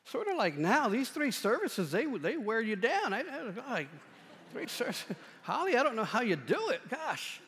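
A man in his forties with a rather high voice delivers a sermon, telling a story from his own life. He is conversational and self-deprecating, rising loud and then dropping to a hush. His voice rings out with the long reverb of a church hall. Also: wildly swooping pitch, moderate pace. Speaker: pastor. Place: church sanctuary.

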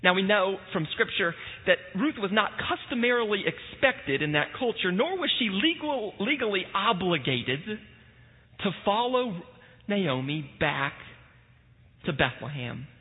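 A male pastor preaching a sermon in a church, telling a story with lively energy and the occasional "uh.". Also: high-pitched, unhurried, breathy edge. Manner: storytelling, animated, with frequent filler "uh". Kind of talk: sermon with scripture reading. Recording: tinny phone-like sound in a reverberant hall.

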